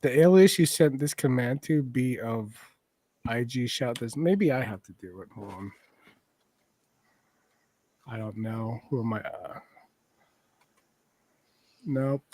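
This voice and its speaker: A man's voice: medium pitch, expressive, slow, long pauses, mellow. A man co-hosting a casual podcast while drawing, teasing his friends and drifting into mumbled asides. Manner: joking, teasing, trails off into asides. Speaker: podcast co-host.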